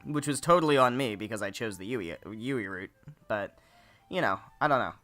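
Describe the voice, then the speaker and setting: Let's-play host, male, bright and forceful, reads game text and cracks crude jokes over soft music. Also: mid-range voice, animated, normal speed. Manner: joking, crude asides between read lines. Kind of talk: reading a visual novel aloud with commentary.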